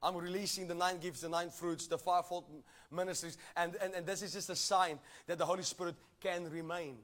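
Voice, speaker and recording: Preaching with emphatic force, this fairly quick, high-voiced man keeps a steady tone while drawing responses from the congregation, working up to passages he shouts.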